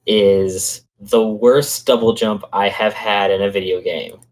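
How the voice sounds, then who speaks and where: A man's voice: fairly low pitch, fairly even intonation, a little slow, rough recording. A man co-hosting a casual podcast chat, earnest and explaining his plans at length. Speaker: podcast co-host.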